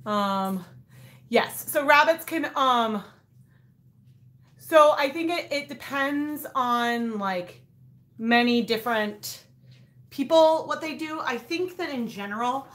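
A woman's voice: high-pitched, animated, slow pace, pauses often, a bit bright. A woman in her thirties hosting a casual craft livestream, rambling with lots of fillers and restarts. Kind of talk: casual live chat. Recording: echoey room.

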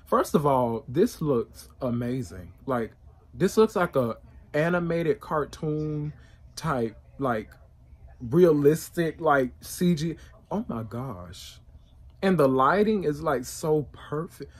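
A man hosting a reaction video, talking in a casual, excitable and emotional way with plenty of slang. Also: a little high, takes it slowly, husky.

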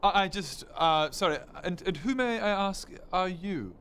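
A man's voice: sits high, big pitch swings, a little slow, a bit bright, slight background noise, pitched above the performer's own voice, exaggerated voice. A man voicing a nervous fellow who fakes a stiff, posh manner. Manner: stiff, formal, fumbling.

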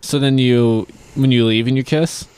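A man's voice: medium pitch, steady tone, normal speed, a little mellow, clean tone. Rambling, teasing male podcast host. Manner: teasing, rambling, stammers and restarts. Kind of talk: casual chat. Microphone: studio mic.

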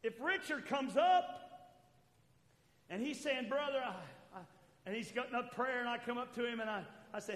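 A man preaching a sermon as pastor, swinging between loud calls to the church and quiet asides. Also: extremely high pitch, expressive, normal speed. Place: church sanctuary. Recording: echoey church hall.

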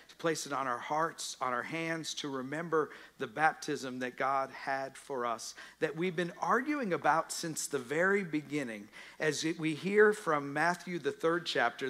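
A man's voice: on the high side, pushed and bright. A male pastor preaching a sermon, telling stories and acting out the voices in his retellings. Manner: storytelling, dramatizes quotes.

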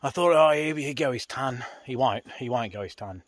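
An Australian man talking casually to camera outdoors, rough-spoken and swearing freely, out of breath from hauling a load. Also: mid-range voice, moderate pace, no echo. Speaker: pig hunter. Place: outdoors in the bush.

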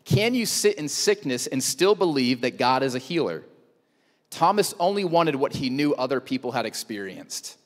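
A man's voice: medium pitch, very animated, normal speed. A male pastor preaching a sermon in a conversational way, with rhetorical questions and joking asides. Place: church auditorium. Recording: long church hall reverb.

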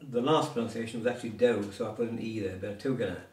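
A man whose voice is on the low side moves at a quick pace while teaching a single student Cornish words. The lesson is informal and patient, with asides and examples, recorded from afar in a roomy space.

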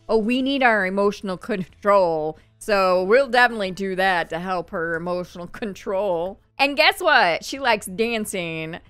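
A chatty woman hosting a gaming channel, talking through her game in a casual, upbeat way and laughing often. Her voice is bright and smooth, and faint game music plays behind her. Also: mid-range voice, lively intonation, moderate pace, few pauses. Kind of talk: casual gameplay commentary.

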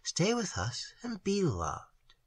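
A man voicing a curious, forward young woman of a tall winged race in a storybook reading, speaking softly and inquisitively with a slightly raised voice. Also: a little high, huge pitch swings, normal speed, breathy edge, dry recording, heavily acted. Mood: tender.

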